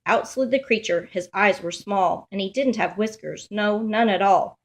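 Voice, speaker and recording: A woman reads a rhyming picture book aloud for children. Her delivery is lively and sing-song, and her voice sits at a medium pitch. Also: moderate pace, hardly any pauses. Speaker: storybook reader.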